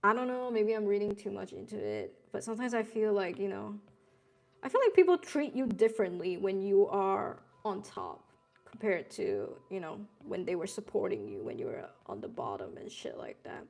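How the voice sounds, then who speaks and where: A young woman streams herself drawing live, chatting in a relaxed, rambling way full of casual swearing and Gen Z slang. Her voice sits at medium pitch with lively intonation and a moderate pace, creaky and a little mellow.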